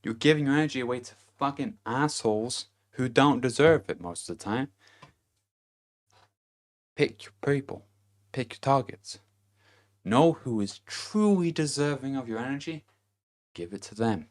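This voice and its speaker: A man's voice: medium pitch, normal speed, pauses often. A man giving a casual motivational monologue to camera, blunt and profane, chuckling between his points. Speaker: vlogger.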